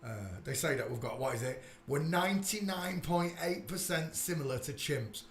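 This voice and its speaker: A man's voice: fairly high pitch, normal speed, echoey room, a little hiss or hum. A man hosting a casual livestream from home. He talks bluntly and crudely and keeps breaking off to fuss over his dog. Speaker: live stream host. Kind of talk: casual rambling livestream chat. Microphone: desk microphone.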